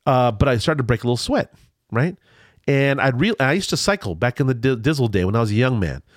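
A middle-aged man rambles through a personal story with plenty of false starts and tangents. His pitch moves a lot, jumping high and dropping low. The sound is close and dry, with no room around it. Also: animated, quick pace, no room sound. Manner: rambling storyteller, many restarts. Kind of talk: casual chat.

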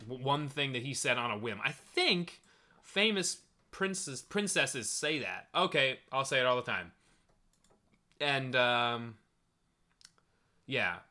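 A man's voice: medium pitch, animated, slow, pauses often, pushed and bright. A young man co-hosting a podcast in casual chat, animatedly acting out quotes from characters. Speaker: podcast co-host.

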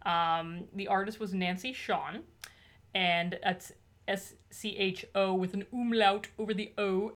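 A woman's voice: mid-range voice, steady tone, unhurried. A woman co-hosting a casual book podcast, wry and bookish, with dry jokes. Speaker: podcast co-host discussing a picture book. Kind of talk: casual chat.

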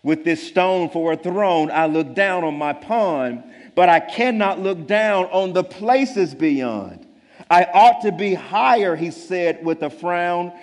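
A man's voice: sits high, lively intonation, takes it slowly, in a large hall, pitched above the performer's own voice, exaggerated voice. A man reading the lines of a proud, boastful turtle king in a rhyming storybook, pompous and commanding.

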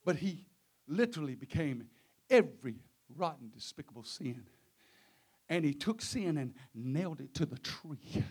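A man's voice: fairly high pitch, very animated, moderate pace, darkish tone, husky. A male preacher, delivering an impassioned sermon in a sing-song preaching cadence.

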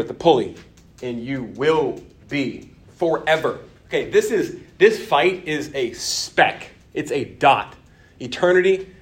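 A man in the middle of a church Bible class, speaking at an ordinary middle pitch. His delivery is conversational. He keeps turning questions back to the room and stops and restarts his sentences, with the odd "um" in between. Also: darkish tone. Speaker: church course teacher.

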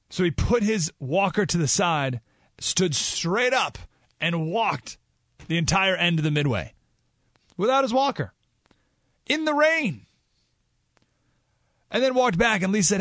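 Male radio host, storytelling monologue, animated delivery, dry studio sound. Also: a little high, moderate pace, pauses often, no room sound. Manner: animated storytelling, rising to excited emphasis.

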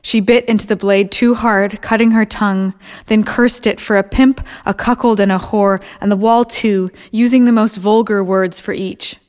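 A woman reading a story aloud in measured audiobook narration. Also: medium pitch, fairly even intonation, darkish tone.

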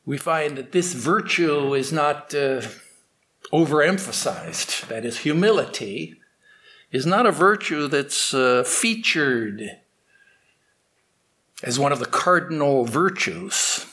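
A man giving a morning spiritual talk, telling a fable in a slow, halting way with restarts. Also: a little high, expressive, sharp tone. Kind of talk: sermon with storytelling.

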